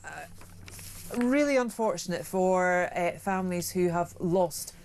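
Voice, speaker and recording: A woman's voice: lowish voice, measured pace, a little mellow, a little hiss or hum. A woman, a guest on a late-night radio talk show reviewing the papers, chatty and opinionated and repeating points for emphasis. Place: radio studio.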